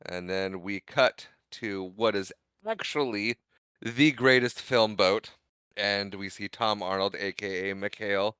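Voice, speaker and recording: A man's voice: lowish voice, sharp tone, clear, resonant tone, dry recording. A man co-hosting a podcast, recapping a film in casual, jokey chat. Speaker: podcast co-host.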